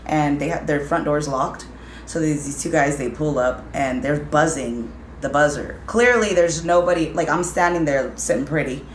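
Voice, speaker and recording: A woman co-hosting a podcast, telling a story in a blunt, casual way and swearing. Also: deep voice. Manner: blunt, swears, talks fast. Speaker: podcast co-host. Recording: roomy with faint noise.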